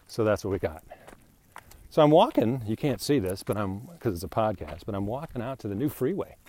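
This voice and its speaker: A man's voice: fairly low pitch, dark tone. A man hosting a podcast, rambling in a joking, self-mocking way while walking outdoors. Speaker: podcast host. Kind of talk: casual rambling monologue. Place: outdoors, walking near a new bridge.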